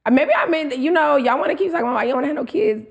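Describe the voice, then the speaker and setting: A woman's voice: high-pitched, lively intonation, racing, vocal fry. A woman co-hosting a podcast in casual chat, joking around, teasing and swearing. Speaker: podcast co-host.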